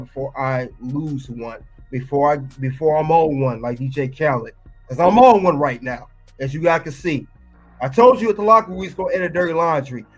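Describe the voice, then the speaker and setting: A man giving casual reaction commentary, emphatic and ranting, often repeating his points. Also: fairly high pitch.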